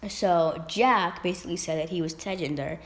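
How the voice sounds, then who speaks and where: A young woman chatting straight to camera in a loose storytime vlog, circling back and restarting her sentences. Her voice sits a little low for a woman. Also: normal speed. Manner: rambling, with many fillers and restarts. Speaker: vlogger. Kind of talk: casual storytime chat.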